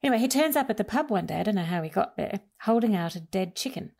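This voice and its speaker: A woman's voice: medium pitch, lively intonation, quick pace, creaky, a little mellow. A woman author telling stories as a guest in an interview, laughing now and then. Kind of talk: relaxed storytelling in conversation.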